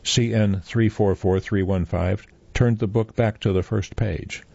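A man reading a story aloud as narrator, in measured scripted narration. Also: lowish voice, fairly even intonation, creaky, a little mellow, no echo. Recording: dull, muffled dry recording.

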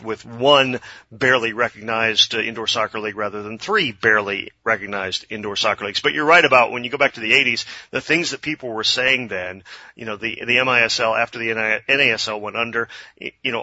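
A man hosting a soccer talk show, running through the news in a brisk, informative way with dry humor. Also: medium pitch, pushed and bright, no room sound, lo-fi sound. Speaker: soccer podcast host. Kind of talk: casual sports talk.

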